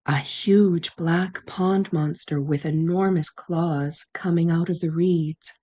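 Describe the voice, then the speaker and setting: A woman narrating a children's storybook in a gentle, measured way. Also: low-pitched. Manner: gentle, measured, with sound effects.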